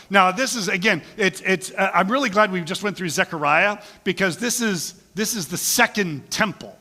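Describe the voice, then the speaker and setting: A man's voice: sits high, moderate pace, hardly any pauses, big-room sound. A man preaching a casual, joking sermon as pastor, often acting out quoted lines in different voices. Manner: animated, jokey, acts out quotes with voices. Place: church sanctuary.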